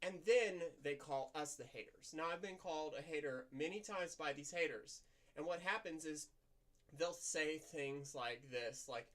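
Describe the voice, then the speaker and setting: A woman venting in a candid personal vlog monologue, in a softened, practiced feminine voice that is slightly nasal, blunt and rambling with fillers. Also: sits low, unhurried. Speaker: vlogger.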